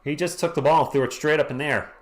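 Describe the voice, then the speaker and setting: A hoarse man hosting a live stream, calling a game play by play in a casual way and greeting chat viewers between plays. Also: a little high, steady tone, very fast. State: hoarse, losing his voice. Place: home at night.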